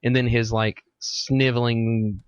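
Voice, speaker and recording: Guy hosting a podcast, rambling and cursing, mid-pitch, muffled lo-fi dry mic. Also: flat delivery, takes it slowly, smooth, dry recording. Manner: rambling, crude, reads news aloud. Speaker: podcast host. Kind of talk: casual podcast chat.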